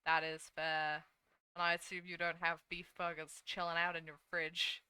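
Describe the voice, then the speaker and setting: A woman's voice: lowish voice, level tone, moderate pace, bright, forceful tone, clean tone, no room sound. A young woman streaming as a VTuber, chatting casually and sleepily with her viewers while she draws, swearing now and then. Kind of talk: casual live-stream chat while drawing.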